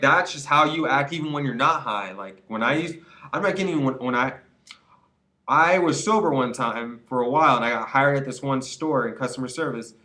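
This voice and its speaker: A young man talks straight to the camera in a loose, rambling monologue. He restarts sentences, repeats himself and slips into other people's voices as he tells the story. His pitch sits in the middle for a man. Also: bright, forceful tone. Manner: rambling, repeats words, acts out quoted voices. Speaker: vlogger giving quit-weed advice.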